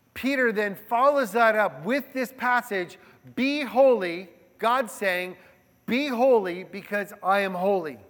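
A male pastor giving a sermon in a conversational, animated way, often checking in with the congregation. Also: high voice. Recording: long hall reverb.

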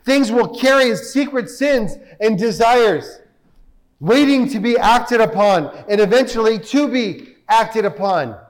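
A man's voice: high-pitched, expressive, measured pace, big-room sound, low-quality recording. A man preaching a sermon, reading scripture aloud and pressing his listeners with emphatic rhetorical questions.

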